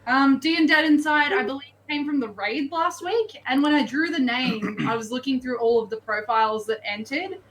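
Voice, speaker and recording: A woman's voice: high voice, moderate pace, few pauses, fairly bright tone, a little hiss or hum. An Australian woman co-hosting a tabletop game stream, chatting in a bubbly way and laughing often. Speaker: player and stream co-host. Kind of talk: casual stream chat.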